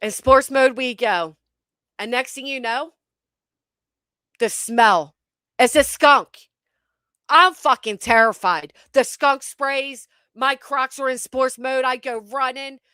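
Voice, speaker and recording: A woman hosting her channel, telling a comic story to her live chat with animated, profane delivery and dramatic pauses. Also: high-pitched, clean tone, dry recording, studio quality. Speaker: channel host.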